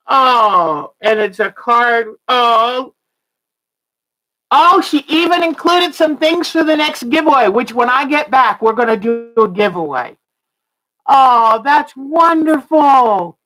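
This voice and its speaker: A woman's voice: fairly high pitch, expressive, slow pace, fairly bright tone, poor audio. A woman hosting a casual quilting livestream, gushing and exclaiming "oh" as she opens a package. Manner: gushing, exclaims "oh" often, chatty. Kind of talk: casual livestream unboxing chat.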